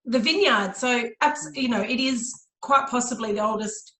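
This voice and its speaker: Aussie woman co-host, upbeat, bit high, roomy echo. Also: moderate pace, fairly bright tone. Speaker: co-host of a wine show. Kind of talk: casual chat. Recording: echoey room.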